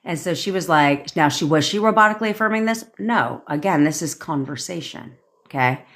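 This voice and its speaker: A woman's voice: deep voice, expressive, fairly quick, a bit bright. A woman manifestation coach on a livestream, ranting bluntly with swearing and acting out quoted lines. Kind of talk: livestream rant.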